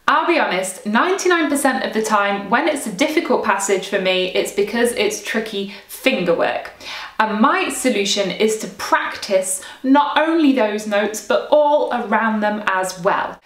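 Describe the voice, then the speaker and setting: A woman teaching recorder practice tips in a clear, encouraging way, sometimes singing rhythms aloud. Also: fairly high pitch, echoey room.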